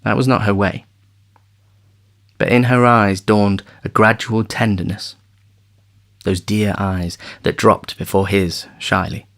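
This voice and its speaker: A man reading a novel aloud as an audiobook narrator, measured and steady. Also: fairly low pitch. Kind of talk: scripted narration.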